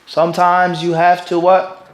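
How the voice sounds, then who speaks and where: A middle-aged man with a fairly high voice teaches a religious lesson to a class. He speaks with lively energy and drops in Arabic terms. He keeps pausing on "what?" for the room to answer and asks whether everyone is following. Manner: quizzes listeners with fill-in "what?" prompts; keeps checking "everybody understand this?". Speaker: mufti teaching a hadith class. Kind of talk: religious lecture.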